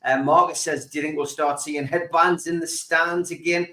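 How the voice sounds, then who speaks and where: A man hosting a football fan podcast, relaxed, reading out chat comments with lots of fillers. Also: on the high side, normal speed, reverberant, poor audio. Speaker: host.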